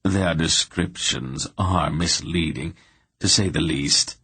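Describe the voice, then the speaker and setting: A sly, courtly prince with a wary edge, his low voice husky and dry, as a male reader puts him on. He speaks with polished manners at an unhurried pace. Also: sharp tone, no room sound, exaggerated voice. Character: sly courtly thief prince, middle-aged.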